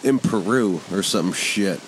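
A man co-hosting a podcast, chatting in a relaxed, profane way and laughing easily. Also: deep voice, measured pace, a crowd in the background, poor audio. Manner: laid-back, profane and laughing. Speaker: podcast co-host. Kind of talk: crude casual podcast banter.

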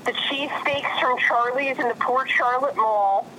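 Jersey accent lady, guest on a chat show, bright voice, sits a bit high, blunt and chatty. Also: a little slow, a little hiss or hum, low-quality recording. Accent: New Jersey. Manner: laughs easily, blunt and chatty. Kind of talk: casual chat.

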